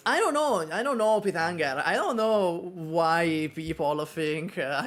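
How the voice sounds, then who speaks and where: A woman's voice: fairly low pitch, a little slow, hardly any pauses. A woman from Italy with an Italian accent, chatting casually and jokingly with her stream viewers. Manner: animated, joking, talks straight to chat.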